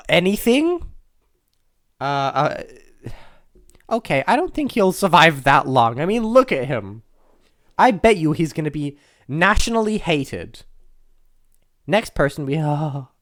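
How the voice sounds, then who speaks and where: This is casual, rambling commentary: a host plays around with contest predictions, fixing their own mistakes and adding jokes. The pitch sits in the medium range, captured on a close desk mic with no room sound.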